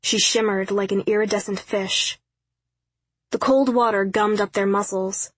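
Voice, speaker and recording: A woman narrating an audiobook in a steady, measured reading. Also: mid-range voice, no room sound, rough recording. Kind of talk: scripted narration.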